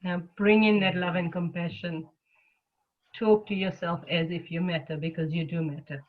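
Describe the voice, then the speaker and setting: A woman leads a loving-kindness meditation with a calm, unhurried delivery. Her words come softly and slowly. The sound is thin and phone-like, as over a video call. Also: on the low side. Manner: gentle, soothing, speaks slowly. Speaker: meditation teacher. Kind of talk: guided meditation teaching. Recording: lo-fi phone-like audio.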